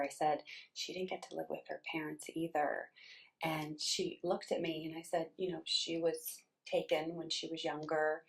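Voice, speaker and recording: A woman's voice: low-pitched, creaky. A middle-aged woman who writes children's books, telling personal stories in a casual way and acting out the voices of people she quotes. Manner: animated, acts out quoted voices. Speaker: children's book author. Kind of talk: casual storytelling.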